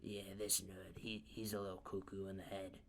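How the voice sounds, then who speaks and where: A man voicing a hot-tempered teenage boy who shouts and swears at a rival. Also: low-pitched, flat delivery, moderate pace, vocal fry, slight background noise. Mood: dismissive. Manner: loud, insulting, swearing.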